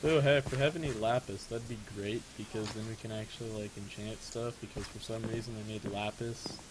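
A man's voice: fairly low pitch, brisk, rough recording. A young man chatting casually and rambling while playing a video game with a friend, often yelping. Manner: animated, rambling, yelps and exclamations. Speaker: gaming host. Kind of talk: casual gameplay commentary. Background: background music.

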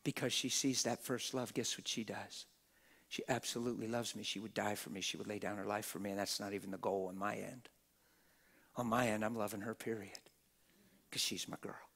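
His voice is on the low side yet fairly bright, with vocal fry, a steady tone, and a slightly fast pace. The man is preaching a live sermon at a church gathering, speaking conversationally while firing rhetorical questions at the audience and voicing the people he quotes.

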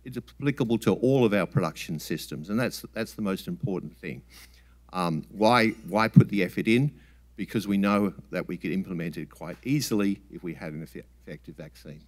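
A man giving a relaxed, plain-spoken scientific talk at a summit, with frequent ums and restarts. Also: sits low, fairly quick. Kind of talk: conference talk with slides.

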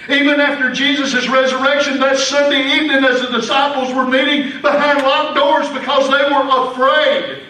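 A man with a Southern US accent preaching a sermon as pastor, dropping to a hush and then bursting into shouts. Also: extremely high pitch, level tone, normal speed. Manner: preaching with sudden loud outbursts. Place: church sanctuary. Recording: echoey church hall, distant mic.

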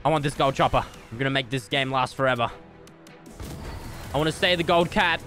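A young man giving jokey, excitable gameplay commentary with sudden yelps. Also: on the high side, quick pace, faint music behind. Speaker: gaming YouTuber.

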